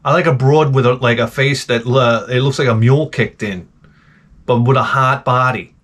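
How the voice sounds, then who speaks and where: A man's voice: mid-range voice, steady tone, normal speed, a bit bright, slightly rough. A middle-aged man hosting a retro game channel, rambling through a blunt, profane comedic rant full of wisecracks.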